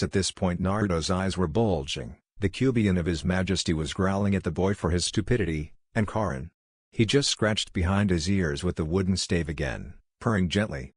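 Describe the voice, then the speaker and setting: A man narrating a fan fiction story in a flat, even reading voice. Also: low voice, moderate pace, breathy edge, no room sound, studio quality.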